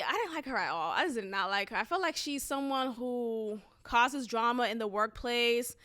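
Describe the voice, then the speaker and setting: A woman in her thirties hosts a podcast with a fairly high, bright, smooth voice and a forceful tone. She tells a story in a candid, rambling chat full of restarts, speaking directly to listeners and calling them "y'all."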